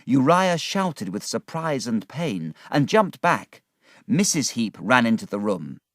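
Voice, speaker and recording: A man narrating a simplified story for learners of English in a measured, clear reading. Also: medium pitch, sing-song, a bit bright, dry recording, studio quality.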